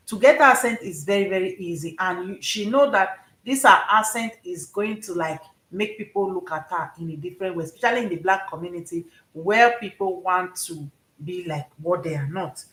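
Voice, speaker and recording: A woman's voice: mid-range voice, a bit bright. A woman with a Nigerian accent giving casual, rambling commentary and often checking that listeners understand. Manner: rambling, repeats herself, asks "you understand?". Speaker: commentary vlogger. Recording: roomy echo.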